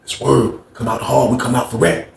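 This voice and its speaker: A man telling a story in a casual, slangy way, animated and acting out the dialogue. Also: mid-range voice, normal speed, vocal fry. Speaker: storyteller recounting prison life. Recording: echoey room with faint noise.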